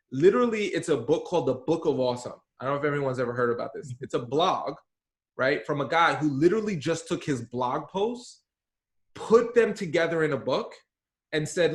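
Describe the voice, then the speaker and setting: Emphatic man in an echoey room. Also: on the high side. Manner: emphatic, animated, slangy. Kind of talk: casual podcast chat.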